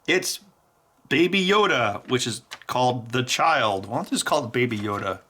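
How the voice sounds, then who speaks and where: A man hosting a casual vlog, animated and jokey with frequent laughter. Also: medium pitch, moderate pace, slight background noise. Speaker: tech YouTuber.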